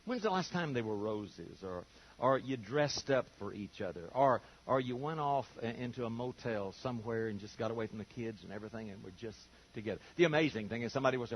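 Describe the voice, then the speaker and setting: A man's voice: medium pitch, sing-song, brisk, lo-fi sound. An older man preaching a sermon in a folksy storytelling way, acting out the voices of the people he quotes.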